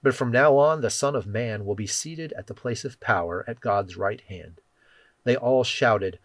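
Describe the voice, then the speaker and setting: Man reading bible verses, lowish voice, solemn and measured, super dry sound. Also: no echo. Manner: measured, solemn reading that drops softly at phrase ends. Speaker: scripture reader. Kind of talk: devotional Bible reading and prayer.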